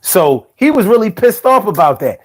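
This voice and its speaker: A man's voice: high-pitched, big pitch swings, normal speed. A man giving a heated, profane political rant as a commentator, talking straight to his viewers. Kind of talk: ranting commentary.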